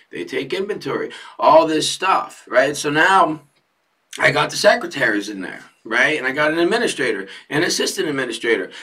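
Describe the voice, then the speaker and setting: A man with a bright, slightly high voice talks energetically about growing a business. He keeps checking in with his listeners after his points. He sounds set back from the mic. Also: far from the mic. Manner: energetic, repeats "right?" often. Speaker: fence company owner. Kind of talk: motivational business talk.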